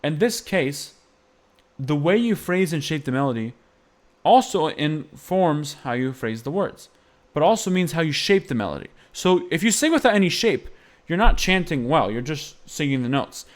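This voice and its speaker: A man's voice: on the high side, big pitch swings, normal speed. A man teaching Byzantine-style chant phrasing, explaining patiently and singing short phrases to demonstrate. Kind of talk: music lesson with sung demonstrations.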